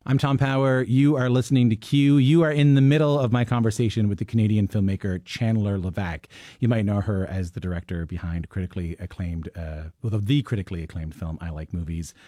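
Male radio host: low, warm voice, easygoing, dry mic. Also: brisk, no echo. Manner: relaxed, conversational, with some stumbles. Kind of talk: radio interview.

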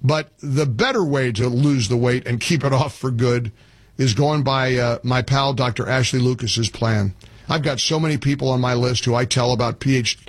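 A man's voice: mid-range voice, no room sound. A man hosting a talk radio show, blunt and sarcastic, taking calls and doing live ad reads.

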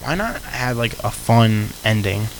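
A man's voice: on the low side, sing-song, measured pace, poor audio. Male co-host for casual sports chat, laid-back and rambling, light hiss in the background. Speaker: podcast co-host.

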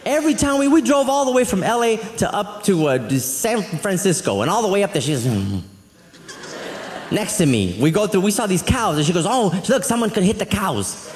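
A man doing a stand-up comedy set on a club stage, telling family stories in an animated way and acting out relatives in quick voices. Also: high voice. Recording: roomy live venue with reverb. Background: audience laughter.

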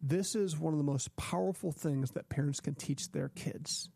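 A man hosting a podcast, giving earnest parenting advice and acting out calm lines a parent might say. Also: fairly high pitch, moderate pace, vocal fry, slightly rough, no echo, clean studio sound. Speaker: podcast host.

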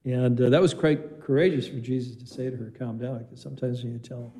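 Mellow-voiced priest giving a chatty homily. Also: male voice, medium pitch, steady tone, fast talker, slight background noise, rough recording. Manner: conversational storytelling with quoted dialogue. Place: chapel.

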